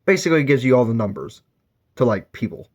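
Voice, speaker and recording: A man's voice: mid-range voice, expressive, quick pace. Rambling young-sounding man reviewing a book. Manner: rambling, filler-heavy, self-correcting.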